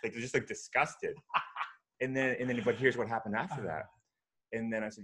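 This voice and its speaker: Deep-voiced man telling stories. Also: a little fast. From Canada. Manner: relaxed storyteller, lots of filler words. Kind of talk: casual podcast conversation.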